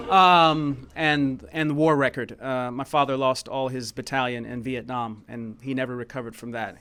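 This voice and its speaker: A man from the United States shares a personal story onstage at a live showcase in a small Parisian venue. His voice is medium-pitched and a bit bright, with slight background noise, and his heartfelt telling rambles, repeats, and drifts into snatches of song.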